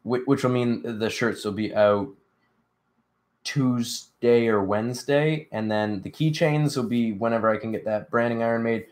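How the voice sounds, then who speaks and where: A man's voice: mid-range voice, normal speed, darkish tone. Sleepy young man rambling on a live stream. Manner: rambling, filler-heavy, reads chat aloud. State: sleepy, yawning. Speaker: livestream host. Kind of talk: casual live stream chat.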